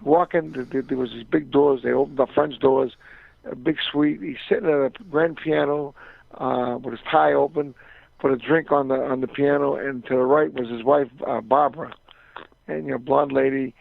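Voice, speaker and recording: Calling in by phone, an older man who used to box tells a long story in a rambling way, repeating words and mimicking the voices of those he quotes. His voice is gravelly and medium-pitched, with fairly even intonation and normal speed, on a dry, tinny line with no echo.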